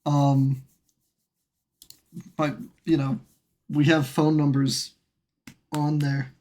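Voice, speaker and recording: A woman's voice: deep voice, little pitch movement, extremely slow, dark tone. A woman streaming from her room at home, chatting casually and talking in doting, playful baby talk to her pet. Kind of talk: casual live-stream chat.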